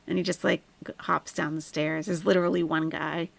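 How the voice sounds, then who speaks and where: A woman's voice: low-pitched, flat delivery, fairly quick, vocal fry, dry recording. A woman hosting a reaction commentary, wry and amused, talking at her computer close to the mic. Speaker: commentary host.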